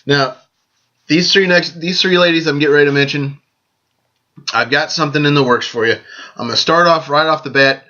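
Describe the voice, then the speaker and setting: A man hosting a casual vlog, giving friendly, joking birthday shout-outs to friends and often repeating himself as he goes. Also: a little high, fairly quick, long pauses. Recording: dull lo-fi sound.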